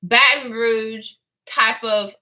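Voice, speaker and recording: Lively, bright-voiced young woman vlogger. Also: fairly high pitch, takes it slowly. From Houston, Texas. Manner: animated, expressive storytelling with mimicry. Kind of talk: storytime gossip vlog.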